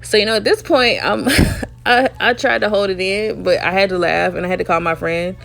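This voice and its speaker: A woman's voice: mid-range voice, fairly even intonation, moderate pace, gravelly, a bit bright. A young woman from Alabama telling a dating story in a casual, chatty way, leaning on "you know" and laughing often.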